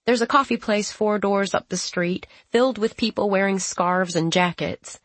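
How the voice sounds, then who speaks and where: A woman's voice: medium pitch, moderate pace, no echo. A woman narrating a first-person audiobook in a plain, conversational storytelling manner, close to the mic.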